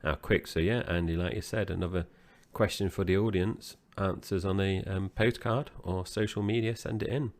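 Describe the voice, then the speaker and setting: A man co-hosting a film review podcast, recapping the plot in a relaxed, loose conversational way. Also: low voice, normal speed, few pauses. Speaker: podcast co-host. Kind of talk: casual movie review chat.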